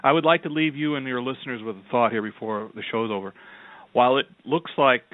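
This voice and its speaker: A man's voice: medium pitch, fast talker, no echo. A man hosting a radio talk show, speaking in an emphatic, indignant way. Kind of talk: radio interview. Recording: tinny phone-like audio.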